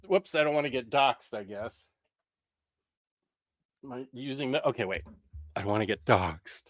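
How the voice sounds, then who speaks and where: A man's voice: mid-range voice, bright, forceful tone, no echo, studio quality. A man hosting a casual live stream from home, rambling, interrupting himself and chatting with viewers. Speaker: livestream host. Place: home room.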